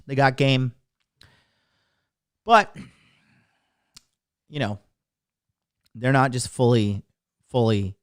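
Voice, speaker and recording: Brash, profane man with a smooth voice. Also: medium pitch, dry recording, studio quality. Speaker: podcast host. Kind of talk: casual podcast monologue.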